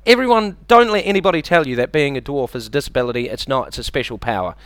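A man with a New Zealand accent doing a deadpan, self-deprecating stand-up set and bantering with the audience on a club stage. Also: medium pitch, fast, clear, resonant tone, no echo. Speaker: stand-up comedian. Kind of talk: stand-up comedy routine.

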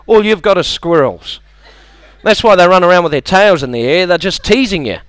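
A man's voice: sits high, lively intonation, fairly quick, fairly bright tone, smooth, dry recording. A man with a New Zealand accent doing a stand-up comedy set, chatty and self-mocking, slipping into silly impressions.

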